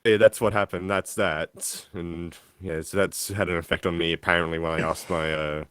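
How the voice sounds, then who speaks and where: A man's voice: low voice, fairly even intonation, moderate pace, a bit bright, smooth, no room sound, studio quality. A man, a podcast co-host telling a story in casual chat, rambling and full of filler words. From Australia.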